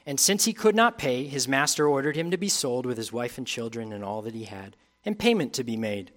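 A man's voice: mid-range voice, sing-song, fairly quick. Male pastor preaching a sermon. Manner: reads scripture aloud, rising in intensity, then drops to quiet reflection.

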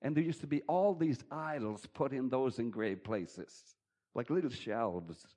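A man preaching a sermon, swinging between loud, emphatic bursts and quiet, chuckling asides. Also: mid-range voice, expressive, a little slow.

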